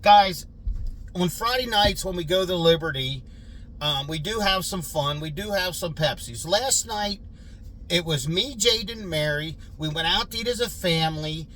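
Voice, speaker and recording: A man's voice: high voice, animated, moderate pace, a bit bright, a little hiss or hum. A middle-aged man vlogging from his farm outdoors on a handheld phone, talking earnestly and defensively to his viewers with plenty of fillers. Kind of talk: casual vlog talk to viewers.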